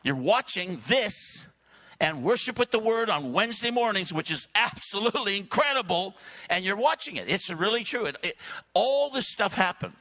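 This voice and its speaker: A man tells a long church story, his fairly high voice leaping up and down with animation. His tone is bright and forceful, and he keeps stopping to clear his throat between anecdotes. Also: lively intonation, normal speed. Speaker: guest speaker. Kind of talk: sermon storytelling.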